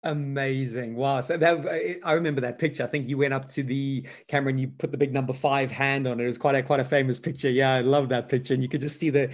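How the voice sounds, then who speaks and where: A man's voice: mid-range voice, fairly even intonation, quick pace, few pauses. A man hosting an interview podcast, reacting with short encouraging exclamations and follow-up questions. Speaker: podcast host.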